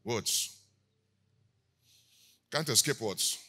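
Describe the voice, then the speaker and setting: A man preaching a sermon as pastor, moving between quiet teaching and loud shouted declarations. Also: mid-range voice, animated, drawn-out words, breathy edge.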